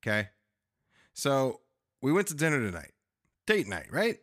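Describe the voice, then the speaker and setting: A man's voice: medium pitch, huge pitch swings, unhurried, a bit bright. A man co-hosting a podcast, telling a story in casual chat and acting out the voices of people he quotes. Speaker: podcast co-host.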